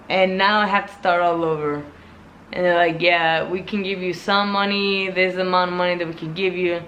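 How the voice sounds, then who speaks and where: A vlogger telling a casual storytime rant in an exasperated, animated way, full of fillers and quoted back-and-forth. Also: mid-range voice, a little hiss or hum.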